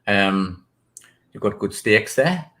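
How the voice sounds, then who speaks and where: A man's voice: lowish voice, lively intonation, takes it slowly, bright, forceful tone. A British man, an author and guest, telling rambling stories with many ums and restarts. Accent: British English. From Britain. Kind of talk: casual interview storytelling.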